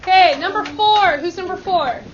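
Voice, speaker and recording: Woman teacher, very high voice, upbeat brisk classroom instructions, muffled lo-fi sound, chattering students. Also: a crowd in the background. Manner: upbeat, brisk, call-and-response countdowns. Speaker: math teacher. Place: school classroom.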